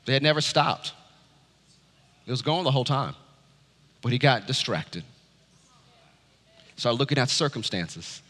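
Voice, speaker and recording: A man preaching a sermon as pastor, swinging from loud urgent calls to low quiet asides. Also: long reverb tail. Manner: preaching with wide swings from loud high urging to low hush.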